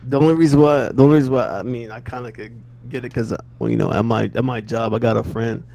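A man's voice: mid-range voice, fast talker, vocal fry, dark tone. A man co-hosting a casual podcast chat, laid-back, slangy and profane, often laughing. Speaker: podcast co-host.

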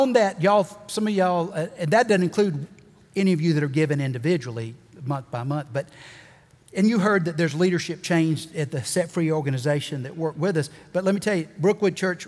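A man preaching a sermon as pastor, folksy and animated, with joking asides and repeated emphasis, in a church sanctuary. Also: on the high side. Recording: long reverb of a church hall.

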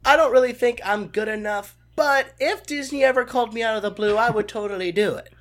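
Young male guest, high bright voice, animated and eager. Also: a little fast. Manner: animated, enthusiastic storytelling. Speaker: guest voice impressionist. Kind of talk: casual interview answers.

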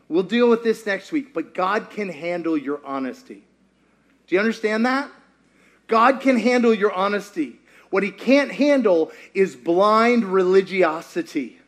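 A male pastor preaching a sermon in a lively, joking way, acting out scenes as he goes. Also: high voice. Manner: animated, joking, acts out scenes.

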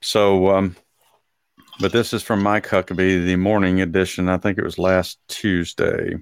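A man with a low voice hosts a casual talk show and reads an article aloud. He stumbles often, with fillers and restarts. The sound is dry and close. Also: little pitch movement, clear, resonant tone, no room sound. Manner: halting, many fillers and restarts. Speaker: podcast host.

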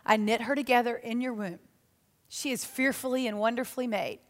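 A woman preaching voices a gentle, patient Lord, speaking low and hushed. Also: brisk, close to an everyday voice. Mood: tender. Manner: hushed and calm. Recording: long reverb of a large hall.

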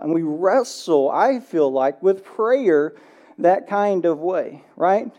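A pastor preaching a sermon in a church. He tells stories with lively acted-out dialogue and drops to a hushed, slow voice in prayer. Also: sits high. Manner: animated storytelling, acts out movie dialogue. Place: church sanctuary.

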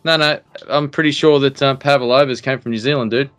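A man's voice: mid-range voice, fairly even intonation, a little fast, fairly bright tone, smooth, no room sound. A man with an Australian accent, co-hosting a podcast in rambling, jokey casual banter full of fillers and restarts. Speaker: podcast co-host.

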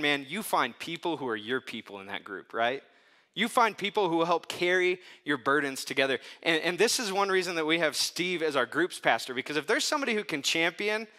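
Man, pastor, sermon, conversational, storytelling, bright forceful tone, slightly high pitch. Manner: conversational, animated storytelling with casual asides.

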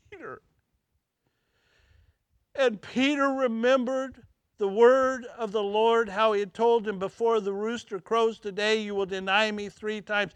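A man preaching a sermon, acting out scenes dramatically and dropping to hushed tones at emotional moments. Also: high-pitched, smooth, no room sound. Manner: dramatic, swings from loud exclamations to hushed near-whispers.

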